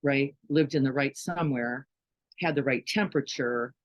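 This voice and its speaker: A woman's voice: a bass voice, normal speed, no room sound, lo-fi sound. A woman giving a conversational dharma talk as a meditation teacher, often checking in with listeners with questions and "right?". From Chicago, United States.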